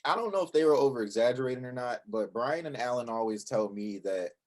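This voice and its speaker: A man's voice: medium pitch, lively intonation, quick pace, a little mellow. A young man co-hosting a channel, telling a story in a casual, profane way and acting out his own thoughts in quotes. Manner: laid-back, profane, recounts with quoted inner thoughts. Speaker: channel co-host.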